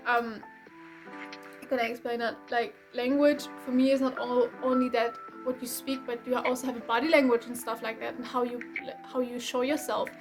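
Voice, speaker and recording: A woman's voice: on the high side, level tone, moderate pace, music in the background. A young woman from Germany with a German accent, giving a casual, rambling tarot reading with frequent restarts and light laughs. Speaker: tarot reader.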